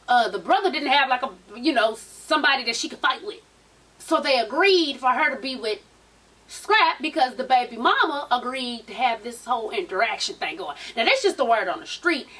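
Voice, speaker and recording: Woman, high-pitched, sassy vlog recap, profane gossip, slightly distant mic. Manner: sassy, animated gossip with a lot of swearing. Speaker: vlogger recapping a reality show. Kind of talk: casual, profane show recap.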